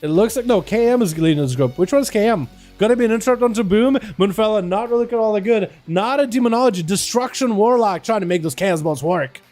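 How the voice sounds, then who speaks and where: Young guy streaming, kinda high mellow voice, chill fast play-by-play. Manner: casual, chatty, fast play-by-play. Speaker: streamer and game commentator. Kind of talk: live game commentary.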